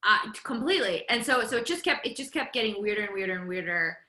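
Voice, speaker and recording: A woman guest on a podcast, telling a story in a lively, animated way, stumbling and restarting as she acts out the quotes. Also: medium pitch, quick pace, reverberant. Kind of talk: casual storytelling chat.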